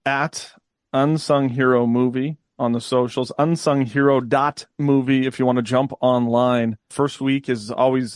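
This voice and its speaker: A man co-hosting an interview podcast, briskly wrapping up the conversation. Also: medium pitch, darkish tone, dry recording, studio quality. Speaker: podcast co-host.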